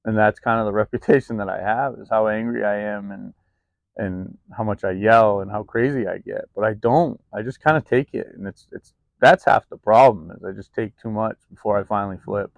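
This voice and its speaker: Gravelly low-voiced man rambling candidly. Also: fairly even intonation, brisk, dry recording, lo-fi sound. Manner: rambling, confessional, frequent ums and restarts. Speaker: vlogger. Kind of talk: candid personal vlog. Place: outdoors, cold weather.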